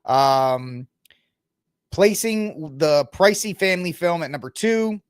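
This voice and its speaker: A talkative man hosts his own podcast, rambling casually from topic to topic and speaking right to his listeners. His voice sits a little high for a man. The sound is dry and close, with no room echo. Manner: chatty, rambling, talks to the audience while browsing the web. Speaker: podcast host. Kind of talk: casual solo commentary.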